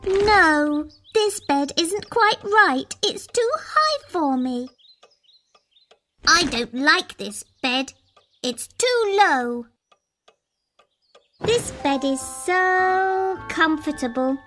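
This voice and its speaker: A woman's voice: extremely high pitch, lively intonation, drawn-out words, a bit bright, soft background music, full character voice. A woman voicing a fussy, choosy little girl in a children's storybook cartoon.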